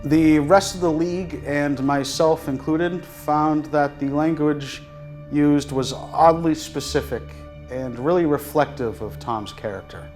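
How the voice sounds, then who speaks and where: Slow, deadpan man speaking formally. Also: on the high side, faint music behind. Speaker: league commissioner. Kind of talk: comedic mock-documentary interview.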